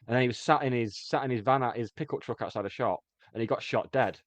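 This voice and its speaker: A man's voice: medium pitch, fast talker, no echo. A man co-hosting a podcast, chatting casually with wry asides. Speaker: podcast co-host. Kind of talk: casual comedic chat.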